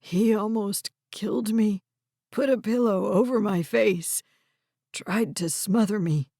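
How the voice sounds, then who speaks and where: A woman's voice: mid-range voice, takes it slowly, mellow, dry recording, studio quality. A woman voicing a frail, kindly old grandfather with a quavering, hesitant voice in an audiobook. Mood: tearful.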